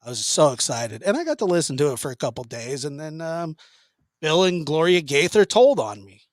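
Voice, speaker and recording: Male podcast host, lively storyteller with a slightly high voice, dry close sound. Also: a little fast, no echo. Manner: animated storyteller, acts out voices, laughs often. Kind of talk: casual chat.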